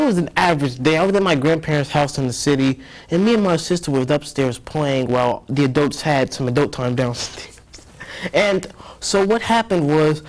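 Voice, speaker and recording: A young man telling a story as an interview guest, rambling and earnest, often repeating himself. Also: fairly high pitch.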